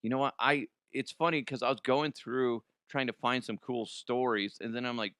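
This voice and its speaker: Male podcast host, mid pitch, smooth tone, dry sound, loose and giggly with off-color jokes. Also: moderate pace, fairly bright tone, dry recording. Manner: rambling, giggly, crude jokes. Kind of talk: comedic news podcast chat.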